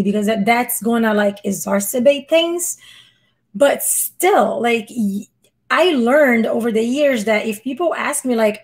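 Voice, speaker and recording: A woman with a squeaky voice doing casual live reaction commentary, exasperated and rambling, often restarting her sentences. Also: moderate pace. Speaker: reaction streamer.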